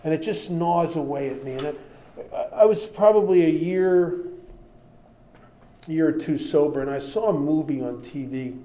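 Man, recovery-story speaker; plain-spoken, humorous, slightly higher voice. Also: moderate pace. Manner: plain-spoken and humorous, shifting between lively and quiet. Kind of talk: personal storytelling talk.

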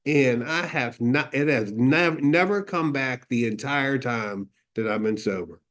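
A man's voice: mid-range voice, a little slow, fairly bright tone. A middle-aged man giving a candid personal testimony, telling his story with quoted dialogue, fillers and restarts. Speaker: recovery meeting speaker.

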